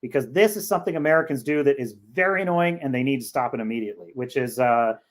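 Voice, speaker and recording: A man's voice: mid-range voice, expressive, fast talker. A man from California with a Californian accent talks off the cuff as host of a casual livestream. His commentary rambles and jokes along, with restarts and asides as he reads viewer comments aloud.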